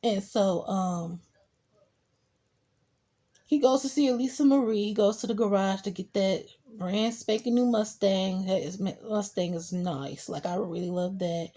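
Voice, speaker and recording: A young woman with a husky, mellow voice gives a casual recap of a TV episode. She tells it in an animated way and slips into short acted quotes of the characters. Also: medium pitch, a little slow. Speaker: TV show reviewer.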